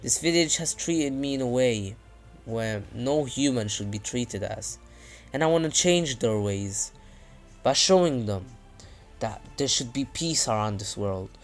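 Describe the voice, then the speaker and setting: A man's voice: mid-range voice, lively intonation, measured pace, faint music behind. A man voicing a grave, posh masked leader. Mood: solemn.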